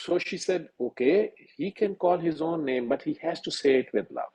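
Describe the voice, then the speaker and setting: A middle-aged man from Pakistan, a senior physician telling a personal story over a video call, halting and earnest with many fillers and restarts. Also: fairly high pitch, darkish tone, breathy edge, rough recording.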